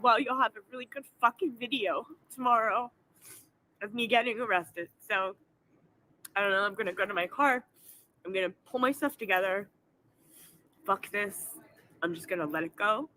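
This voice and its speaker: A woman's voice: medium pitch, normal speed, pauses often, sharp tone, low-quality recording. A woman in her forties, upset and tearful, swearing as she talks into her phone in an emotional vlog after an arrest. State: crying. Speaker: vlogger.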